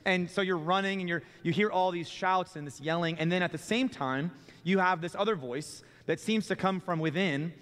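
A young man, a student ministry pastor, preaching a sermon in a relaxed conversational way and often repeating words as he starts a phrase. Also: high-pitched, normal speed. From Texas. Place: church sanctuary. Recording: long reverb of a church hall.

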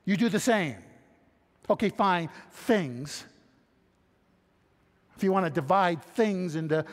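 A man with a high voice delivers an expository sermon at an unhurried pace, teaching earnestly and conversationally. He reads scripture aloud and throws out rhetorical questions to the congregation. His voice carries the long reverb of a large church hall. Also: animated. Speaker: pastor.

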